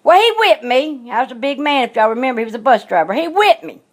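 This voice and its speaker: A woman's voice: sits high, big pitch swings, fast talker. A woman telling a personal story in a blunt, emphatic way, repeating herself for stress. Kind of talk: emotional storytelling monologue.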